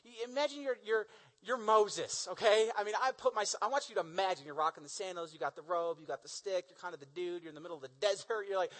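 A male preacher delivers a sermon in a lively, storytelling way, dropping into slang and asking the listeners to imagine themselves in the story. His voice is high for a man and sounds bright and edgy. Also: fast talker, low-quality recording. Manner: animated storytelling, casual slang. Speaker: pastor.

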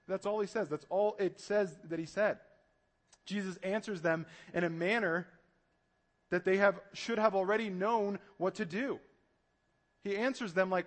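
High-voiced man preaching a lively sermon. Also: normal speed. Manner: animated, acts out panicked voices. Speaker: pastor.

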